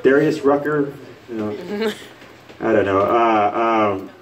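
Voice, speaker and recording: A man's voice: lowish voice, takes it slowly, far from the mic, lo-fi sound. A man from Puerto Rico doing live stand-up comedy in a bar, rambling loosely and acting out quotes. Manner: loose, rambling delivery with fillers and acted-out quotes. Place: bar stage with a live audience.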